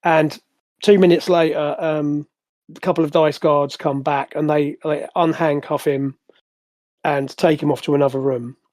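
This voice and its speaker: Male game master, a bit high-pitched, halting delivery, dry sound. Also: fairly even intonation, a little mellow, no room sound. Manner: halting, full of fillers and restarts. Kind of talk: narrating a tabletop game.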